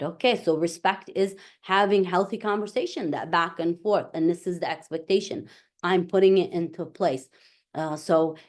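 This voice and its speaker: A woman presenting a parent workshop, talking in a relaxed way, repeating her points and often checking in with "right?". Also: mid-range voice. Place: library meeting room.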